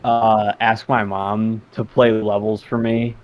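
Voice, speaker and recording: A man's voice: lowish voice, level tone, takes it slowly, dull audio, crowd noise. A man in casual podcast chat, hesitant and stammering through restarts. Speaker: podcast co-host.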